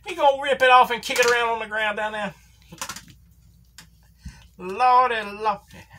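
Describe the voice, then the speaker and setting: A woman plays a folksy older Southern wrestling announcer calling a barbed-wire match between action figures. He drawls in country grammar and keeps crying "Lordy". The voice sits a little high, over a faint background hiss. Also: steady tone, normal speed, pushed and bright. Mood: excited ringside. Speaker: play-by-play commentator for a toy wrestling figure match. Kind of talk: comedic ringside commentary.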